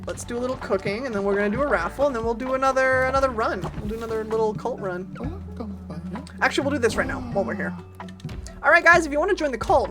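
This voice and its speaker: A woman streaming a game, chatting casually and giggling with her viewers, swearing often. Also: high-pitched. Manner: animated and giggly, greets chat, swears often. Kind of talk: casual live-stream chat while gaming. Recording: game music playing under voice.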